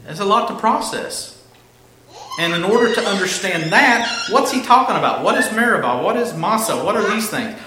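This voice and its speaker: A man preaching a sermon as pastor, reading scripture aloud and explaining it in an animated, conversational way with asides to the congregation. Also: high voice, normal speed. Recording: echoey hall with faint noise.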